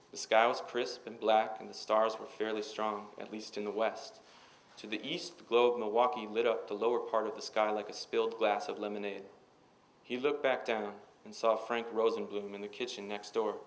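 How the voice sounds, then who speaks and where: A man reads his own fiction aloud at a university reading. His voice sits low, and the delivery is measured and even. A faint hiss runs underneath. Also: low-quality recording. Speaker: author.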